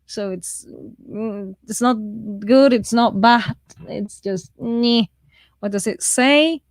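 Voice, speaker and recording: A chatty woman with a mixed, shifting accent hosts a live writing stream, reading viewer comments aloud and laughing at herself. Her voice sits a little high and sounds dry and close. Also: slow pace, dry recording. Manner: chatty and self-deprecating, laughs often. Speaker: livestream host of a writing write-in.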